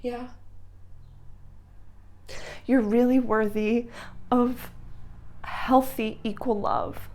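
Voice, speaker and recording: A woman's voice: fairly high pitch, fairly even intonation, drawn-out words, pauses often, darkish tone. A woman giving an intuitive astrology reading, affectionate and rambling, calling the listener dear and honey, with the odd blunt swear word. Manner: tender and rambling, full of "like". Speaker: astrology reader.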